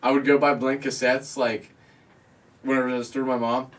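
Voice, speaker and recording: A man's voice: mid-range voice, flat delivery, a little fast, far from the mic. A man hosting a podcast, telling a crude story from his youth in casual chat, swearing and laughing often. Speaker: podcast host.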